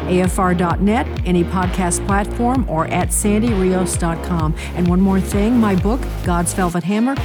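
A woman radio host reading a scripted promo in an inviting manner. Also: medium pitch. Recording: promo with music underneath. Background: music bed.

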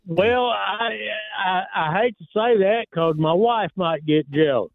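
A male caller speaking over a tinny phone line, with a high-ish voice and an unhurried pace. He sounds polite and folksy, saying yes sir to the hosts. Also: no echo. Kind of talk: phone call to radio show.

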